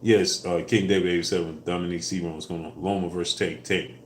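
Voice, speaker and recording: A man hosting a casual live stream, answering viewers in a relaxed way with fillers, louder when asking for likes. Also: sits low, fast, slight background noise. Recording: echoey room with faint ambience.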